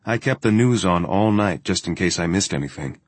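A man reading a first-person journal story in a steady, matter-of-fact way. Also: sits low, fairly quick, no echo. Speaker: audiobook narrator.

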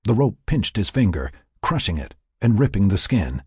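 Raspy, low male storyteller. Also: sing-song, normal speed, a little mellow, no echo, clean studio sound. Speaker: narrator. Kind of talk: scripted narration.

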